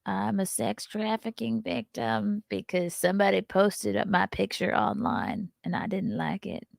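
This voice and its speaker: A woman doing a brash female television legal pundit who talks high and loud. She accuses and drags her words out for effect. The sound is dry and close. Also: expressive, takes it slowly, dry recording, heavily acted. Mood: mocking.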